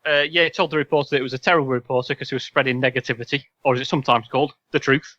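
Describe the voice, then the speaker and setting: A man's voice: medium pitch, fairly even intonation, racing, bright, forceful tone, no room sound. A man co-hosting a casual podcast, running a quiz with dry sarcasm and rambling asides. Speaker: podcast co-host and quizmaster. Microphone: video call. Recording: slightly dull call audio.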